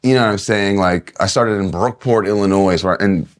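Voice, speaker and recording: Male podcast guest from Kentucky, lower voice, excitable storyteller who restarts sentences. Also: moderate pace. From Kentucky, USA. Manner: animated, laughing, many restarts. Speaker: guest wrestler. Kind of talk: casual podcast interview storytelling.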